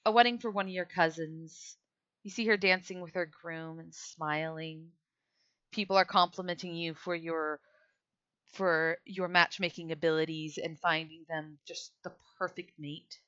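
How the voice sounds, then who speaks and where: Woman gm narrating slow and descriptive, bright clear voice, muffled audio. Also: low voice, steady tone. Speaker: game master. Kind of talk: narrating a tabletop game.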